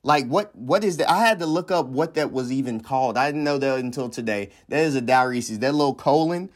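A man's voice: medium pitch, fairly quick. A man hosting a podcast in casual comedic commentary, joking and rambling with slangy asides. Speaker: podcast host.

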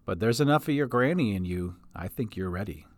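A man voicing an older grandmother and former adventurer, speaking low and fondly. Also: animated, brisk, no room sound, close to an everyday voice. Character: old woman, a grandmother and retired adventurer, warm and wistful.

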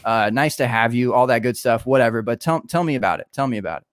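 A man's voice: medium pitch, fast talker, no room sound. Joking podcast co-host man, dry sound. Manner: laid-back, joking, rambling. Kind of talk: casual chat.

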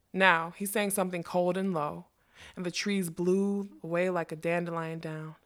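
A woman narrating a storybook in a measured, expressive reading voice. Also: on the low side.

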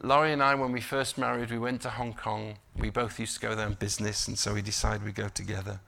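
A middle-aged man delivers a sermon, leaning on slow emphatic phrases before easing into quiet, chatty asides. His voice is gravelly with a bright, forceful edge. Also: fairly low pitch, level tone. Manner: drops to quiet conversational asides. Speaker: pastor.

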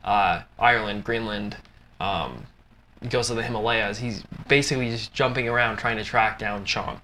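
A young man hosts a podcast in relaxed, rambling talk that leans heavily on "like" as he retells a story. His voice is bright and forward, with a faint background hiss on the recording. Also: fairly low pitch, moderate pace. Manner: loose and rambling, heavy use of "like". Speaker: podcast host. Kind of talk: casual chat, retelling a film plot.

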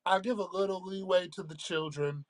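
A man co-hosting a casual podcast, talking in a measured, reflective way and often checking in with "right?". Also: high voice, steady tone. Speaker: podcast co-host. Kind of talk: casual chat.

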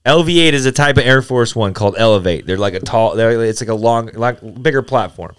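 A man's voice: medium pitch, fairly quick, clear, resonant tone. A man co-hosting a casual podcast, swearing a lot and ranting in angry bursts. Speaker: podcast co-host.

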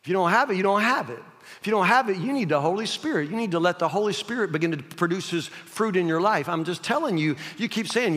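A man's voice: high voice, sing-song, fairly quick, fairly bright tone. A male pastor preaching a sermon in an earnest, emphatic way, repeating his key points. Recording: long hall reverb.

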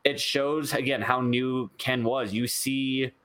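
A man co-hosting a podcast, ranting in an exasperated, fast way about a wrestling show. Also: medium pitch, fairly even intonation, a bit bright. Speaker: podcast co-host. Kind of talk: casual wrestling review chat.

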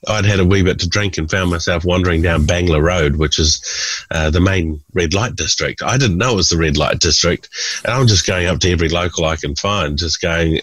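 Deep husky guy in his 40s spinning comic stories, puts on voices, dry close sound. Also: fairly quick, no room sound, low-quality recording. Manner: animated storyteller who mimics people in raised voices. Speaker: podcast guest, comedian. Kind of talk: storytelling anecdotes.

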